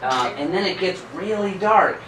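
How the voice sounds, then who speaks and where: A man's voice: high-pitched, lively intonation, normal speed. A man reading aloud and voicing a vain, grumpy male coyote in a smug, huffy way. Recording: echoey room, distant mic, background noise.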